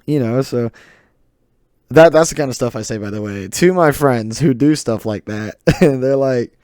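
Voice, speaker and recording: Southern teen dude rambling on his podcast, warm low-key voice, keeps laughing at himself. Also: moderate pace, clear, resonant tone, dry recording, clean studio sound. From southern United States. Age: teens. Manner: rambling, self-mocking, laughs often. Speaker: podcast host. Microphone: desk mic, close.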